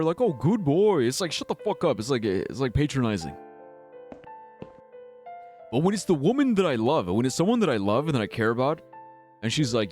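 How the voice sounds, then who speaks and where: A man's voice: mid-range voice, darkish tone. A man streaming a game live, rambling and swearing freely as he comments. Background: game music.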